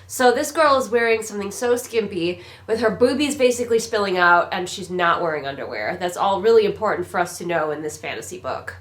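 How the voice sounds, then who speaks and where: A woman's voice: mid-range voice, expressive, a little fast, hardly any pauses, fairly bright tone. A woman giving a casual, sarcastic read-along critique of a book, mocking it as she goes. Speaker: book reviewer.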